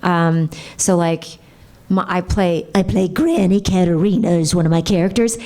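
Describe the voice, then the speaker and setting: A woman's voice: fairly low pitch, steady tone, normal speed, mellow. Bubbly, chatty woman. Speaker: voice actress, panel guest. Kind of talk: convention Q&A panel. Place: convention panel room.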